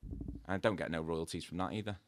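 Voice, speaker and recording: A man's voice: deep voice, fast, no room sound. A middle-aged man, a podcast guest telling casual anecdotes, acting out the dialogue and laughing often. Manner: lively storyteller, acts out dialogue, laughs often. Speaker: guest, tattoo artist.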